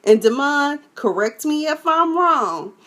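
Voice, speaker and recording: A woman's voice: sits high, lively intonation, slow, sharp tone. A woman with a Texan accent, recapping a TV episode in a sassy, exclamatory way, acting out the characters as she goes. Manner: sassy, exclamatory, acts out scenes with many voices. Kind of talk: animated casual recap.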